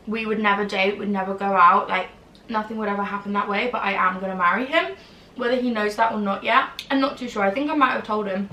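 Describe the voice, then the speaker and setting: Casual vlogger, woman, early 20s, bright rambling delivery; roomy, slightly distant recording. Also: medium pitch, a little hiss or hum. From England. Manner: rambling, lots of "like", quick asides. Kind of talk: casual chatty vlog.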